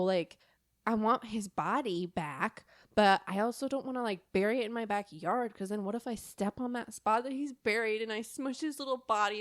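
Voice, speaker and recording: A woman's voice: on the high side, no room sound, clean studio sound. A woman co-hosting a podcast, telling a true story in a casual, rambling way, full of fillers and laughter.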